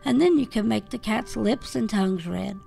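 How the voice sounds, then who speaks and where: A woman's voice: mid-range voice, moderate pace, gravelly, soft background music. A woman voicing an eager little fairy sprite who colors the flowers in a storybook. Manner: eager, excited.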